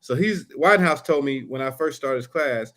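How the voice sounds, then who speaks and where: A man who works as a trial lawyer, co-hosting a podcast and telling courtroom stories in a casual, animated way, acting out the exchanges. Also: medium pitch, normal speed. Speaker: podcast co-host. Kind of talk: casual storytelling chat.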